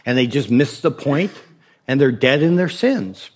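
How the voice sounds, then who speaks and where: A man's voice: medium pitch, lively intonation, a little slow, a little mellow. A male pastor preaching a sermon in a conversational way, with rhetorical questions and light humor.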